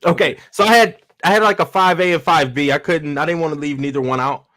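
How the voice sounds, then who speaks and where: A man's voice: fairly high pitch, quick pace, fairly bright tone, no echo, studio quality. A man co-hosting a sports podcast in casual chat, laid-back and slangy, often repeating himself.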